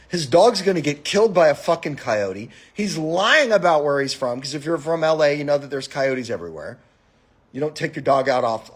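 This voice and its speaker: A man hosting a live stream, telling a story in a profane, animated, casual monologue. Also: a little high, husky.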